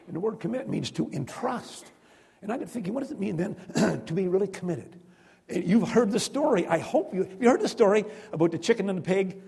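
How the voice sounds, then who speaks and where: A man's voice: fairly high pitch, vocal fry, breathy edge. A man preaching a sermon, telling stories, reading scripture aloud and asking his listeners questions. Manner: storytelling, asks the listeners questions; reads scripture aloud, drops to a hush for prayer. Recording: long hall reverb.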